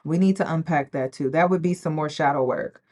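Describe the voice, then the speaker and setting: A woman's voice: low voice, brisk, a little mellow. A woman hosting a reaction video, giving casual, sassy commentary straight to her viewers. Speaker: commentary host.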